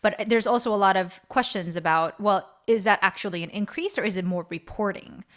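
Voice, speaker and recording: A middle-aged woman talking earnestly in a casual conversation, co-hosting and telling a story with a pleading, animated manner. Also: mid-range voice, fairly quick. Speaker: co-host.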